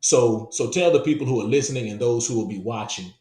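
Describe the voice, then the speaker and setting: A man's voice: medium pitch, fast talker, mellow. A man hosting a podcast interview, affirming his guest and asking where listeners can find him. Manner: encouraging, affirming. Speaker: podcast host. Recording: echoey room.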